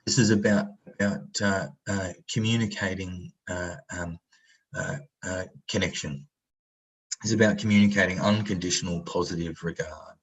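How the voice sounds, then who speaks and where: A man's voice: low-pitched, steady tone, moderate pace, rough recording. A man facilitating an online training workshop, talking casually with lots of fillers and acting out example voices. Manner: conversational, many fillers, acts out example voices.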